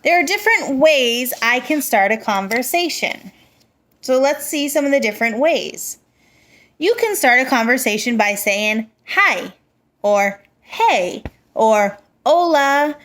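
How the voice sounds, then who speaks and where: Woman teaching young children, slightly high voice. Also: expressive, fairly bright tone. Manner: slow, clear, encouraging teacher talk with many examples.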